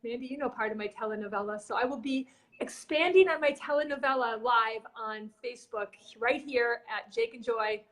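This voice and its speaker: A woman's voice: a little high, brisk, a bit bright. A woman co-hosting a casual live video chat on marketing, rambling with fillers and restarts. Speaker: marketing coach and co-host.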